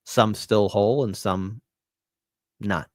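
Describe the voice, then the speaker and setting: A man's voice: on the low side, fairly even intonation, slow, no echo, studio quality. A man hosting a casual solo commentary show, speaking earnestly and repeating phrases for emphasis. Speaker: host.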